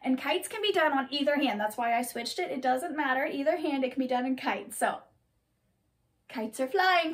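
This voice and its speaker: A woman hosting a children's story time, reading a picture book aloud in a sing-song, animated way with exaggerated sound effects. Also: high voice, normal speed.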